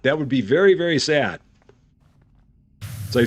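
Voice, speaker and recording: A man casually commenting to his chat while playing a video game, musing aloud and rising in pitch when surprised. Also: moderate pace. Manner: chatty, talks to himself and chat, animated rises in pitch. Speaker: streamer.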